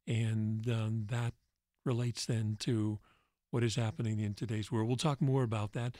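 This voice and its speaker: A priest hosting a religious call-in radio show, speaking in a gentle, reflective way with pauses. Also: male voice, fairly low pitch, little pitch movement, no room sound, studio quality.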